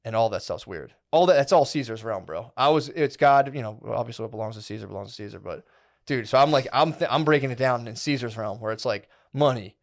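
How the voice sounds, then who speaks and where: Animated swearing man telling a rambling story. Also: medium pitch, fast talker, creaky. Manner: rambling, animated, heavy swearing and filler words. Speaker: podcast co-host. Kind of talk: casual comedy podcast storytelling.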